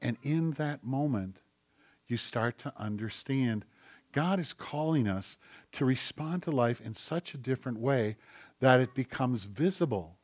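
A male pastor preaching a sermon, moving between loud, emphatic repetition and soft, intimate storytelling. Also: mid-range voice, expressive, a little slow, no room sound. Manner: conversational, tells anecdotes with acted-out quotes.

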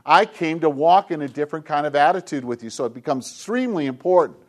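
Higher-voiced man preaching emphatically. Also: expressive, fast talker. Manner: emphatic, repetitive preaching cadence, drops to soft hushed tones. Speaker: pastor. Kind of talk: sermon to a congregation with kids.

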